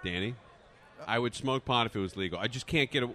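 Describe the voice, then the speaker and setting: A man co-hosting a live radio show from a casino event, teasing and brash in quick banter. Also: medium pitch, bright, forceful tone. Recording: live broadcast from a venue.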